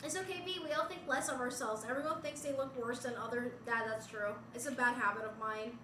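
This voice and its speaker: A woman's voice: a little high, steady tone, brisk, sharp tone, distant mic, slight background noise. Young woman streamer from Puerto Rico, chatty and giggly, echoey bedroom, set back from the mic. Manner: giggly, chatty, reads chat aloud. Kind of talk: casual chat with viewers. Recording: roomy bedroom, voice away from mic.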